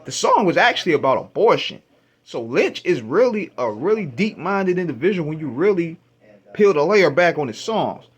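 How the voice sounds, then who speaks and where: A man hosting a radio show, casually retelling his first listen to an album, with an animated, profane, laughing delivery. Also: a little high, normal speed, breathy edge. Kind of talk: casual storytelling album review.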